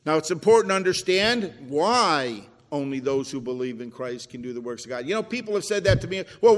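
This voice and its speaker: Male pastor, sermon delivery, high-pitched, emphatic then hushed, church hall echo. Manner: preachy, rising to emphatic then dropping low. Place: church sanctuary.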